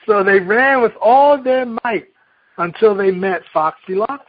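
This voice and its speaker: A male pastor preaching a sermon, telling a children's story in a folksy, animated way before reading scripture. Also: high voice, unhurried, husky. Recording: dull lo-fi recording.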